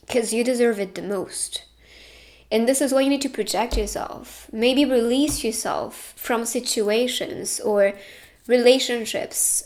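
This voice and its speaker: A young woman giving a casual tarot reading, earnest and reassuring, getting tearful at times. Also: a little high. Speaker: tarot reader.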